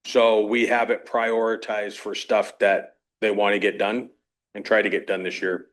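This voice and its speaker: A man's voice: lowish voice, level tone, normal speed. A man reporting to a council on projects and budgets in a plain, businesslike way with some fillers. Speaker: staff member reporting on projects. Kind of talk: meeting report.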